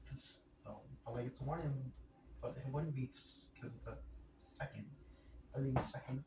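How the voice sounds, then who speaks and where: Muttering uncertainly and repeating himself, a man working through fractions out loud talks at normal speed in a gravelly mid-range voice. He's a vlogger recorded off-mic, with room echo and background noise.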